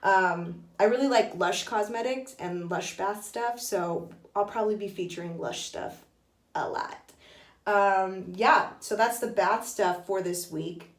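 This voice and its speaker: A woman chats through her vlog in an easy, excitable flow, full of "like"s and quick restarts. Her voice sits at an ordinary middle pitch. The sound bounces around a small echoey room, possibly a bathroom. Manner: chatty and excitable, many "like"s and restarts. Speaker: host of a book and beer vlog. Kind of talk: casual chatty vlog.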